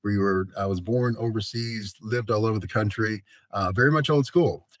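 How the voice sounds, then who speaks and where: A middle-aged man and college president, a podcast guest telling stories about his career in a measured way with frequent fillers. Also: fairly low pitch, dry recording. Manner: measured, storytelling, frequent "you know". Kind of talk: podcast interview.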